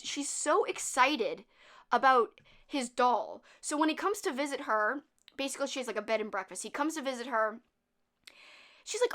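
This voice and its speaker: Young female host, bright and chatty, animated movie talk. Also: fairly high pitch. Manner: chatty, laughing at the film, acts out quotes. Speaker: channel host.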